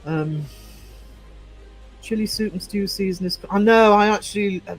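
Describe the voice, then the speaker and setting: A man from England with a Northeast English accent hosts a casual livestream, answering viewer comments in a chatty, rambling way and teasing the chat with lots of fillers. His voice is high-pitched and husky, and he speaks at a moderate pace. Faint music plays behind him on a rough recording.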